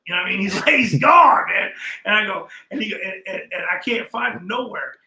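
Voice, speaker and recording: A man's voice: high-pitched, fast talker, pushed and bright, echoey room, low-quality recording. An older man casually telling a long story as a podcast guest, acting out the people he quotes.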